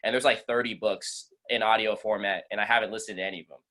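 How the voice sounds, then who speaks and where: A man co-hosting a casual podcast, telling a story in a relaxed, halting way with fillers. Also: lowish voice. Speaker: podcast co-host.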